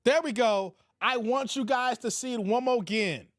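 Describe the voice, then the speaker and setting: A man's voice: very high voice, normal speed, no echo, clean studio sound. A man hosting a casual reaction stream, joking and reading out chat comments, repeating his catchphrases.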